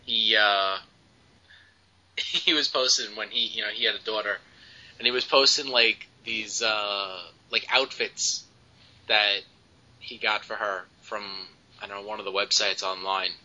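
A man's voice: on the low side, steady tone, measured pace, bright, forceful tone. A man hosting a podcast, chatting casually and rambling with jokes. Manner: joking, rambling, laughs often. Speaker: podcast host. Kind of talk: casual chat. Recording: lo-fi podcast recording.

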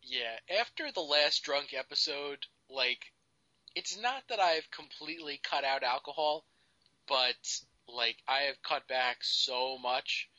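A man's voice: mid-range voice, slow, bright, forceful tone, dry recording, dull audio. A man co-hosting a casual podcast, rambling with lots of fillers. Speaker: podcast co-host.

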